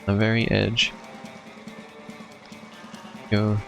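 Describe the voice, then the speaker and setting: A man streaming a video game, thinking aloud and reacting quickly as he plays. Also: lowish voice, monotone, gravelly, a bit bright, faint music behind. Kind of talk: casual gameplay commentary.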